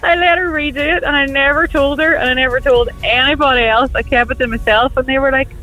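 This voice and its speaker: A woman's voice: sits high, fast talker, poor audio. A woman from Derry with a Derry accent, calling in to a radio show and telling an anecdote with frequent giggles. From Derry, Northern Ireland. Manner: giggly, animated storyteller. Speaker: caller. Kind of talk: phoned-in anecdote.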